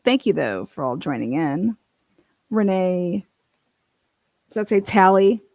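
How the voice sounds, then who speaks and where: A woman's voice: fairly low pitch, very animated, slow, darkish tone, no echo. A woman hosting a livestream, giving casual, blunt, profane commentary in an incredulous tone.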